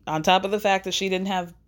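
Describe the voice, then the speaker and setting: A woman hosting a podcast in casual chat, chatty and animated, laughing often as she talks. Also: mid-range voice, moderate pace. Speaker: podcast host recapping a reality show.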